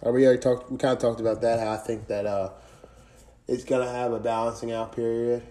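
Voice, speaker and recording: A man's voice: mid-range voice, fast talker. Profane, loose-talking man in an echoey room. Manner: profane, animated storyteller, voice rising as he laughs. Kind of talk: casual chat, storytelling.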